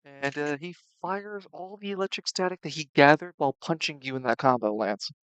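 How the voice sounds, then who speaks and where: A young game master narrates a tabletop fight, his voice on the higher side and bursting loud before dropping low. He often stumbles and restarts mid-sentence. The sound is close and dry. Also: brisk, smooth, no room sound, poor audio. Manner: animated, swings between loud and quiet, stumbles and restarts.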